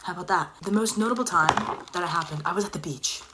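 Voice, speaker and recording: A young woman telling a personal story in casual chat, animated and dropping into whispers for emphasis. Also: lowish voice, quick pace, heavy background noise.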